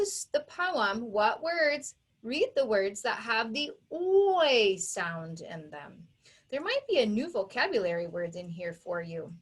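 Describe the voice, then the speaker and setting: A woman's voice: a little high, husky. A woman teacher giving a recorded phonics lesson to children, talking them through each step with patient, careful pronunciation of each sound. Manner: patient, deliberate enunciation of sounds; gives step-by-step instructions to young pupils.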